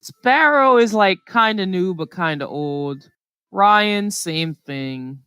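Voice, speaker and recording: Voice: medium pitch, lively intonation, takes it slowly, bright, forceful tone, clear, resonant tone, dry recording. A podcast co-host chatting casually, rambling through stories with lots of fillers. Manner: rambling, filler-heavy storytelling. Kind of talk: casual chat.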